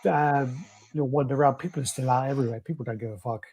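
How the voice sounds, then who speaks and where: A man's voice: mid-range voice, quick pace, darkish tone, husky. A man hosting a casual live stream, reading out viewer comments with a laid-back, swearing manner. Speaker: host.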